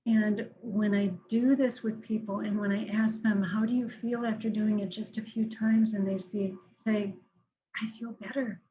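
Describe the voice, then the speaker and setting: A woman counselor giving a calm, instructive talk on managing anger, slowing down to guide breathing exercises. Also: medium pitch, lo-fi sound.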